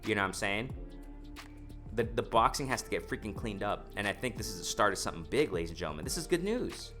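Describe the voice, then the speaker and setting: A boxing commentary vlogger with a lowish voice talks fast through the latest boxing news, reading an article aloud and constantly breaking off to react. Excited and animated, he addresses viewers as "ladies and gentlemen," speaking loosely with slang and fillers like "you know" and "man." Faint music plays underneath.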